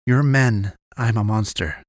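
A man reads a wounded werewolf in human form, slumped and dying, muttering with weary scorn in a low, slow storybook voice. He sounds worn out and bitter. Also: no echo, clean studio sound.

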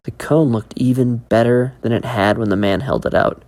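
Very deep-voiced woman reading a horror story. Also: very animated, moderate pace, creaky, hardly any pauses, a little mellow. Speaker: narrator. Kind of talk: scripted horror story narration.

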